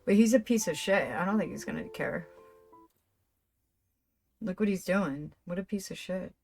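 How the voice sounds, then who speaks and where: A woman's voice: fairly low pitch, moderate pace, gravelly, a little mellow. Casual, swearing woman streamer. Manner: casual and profane, reads game text aloud. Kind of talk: casual let's-play commentary. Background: faint game music.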